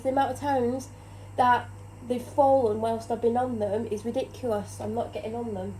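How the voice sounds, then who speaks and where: A woman's voice: a little high, level tone, moderate pace, dark tone, slight background noise, rough recording. Tired, chatty woman in a kitchen. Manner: rambling, chatty, self-deprecating. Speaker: vlogger. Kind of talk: casual chat. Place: home kitchen, indoors.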